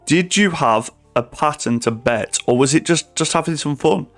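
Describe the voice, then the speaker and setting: A man's voice: on the high side, normal speed, faint music behind. A man hosting a casual interview, enthusiastic and often stumbling over his words. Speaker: host interviewer.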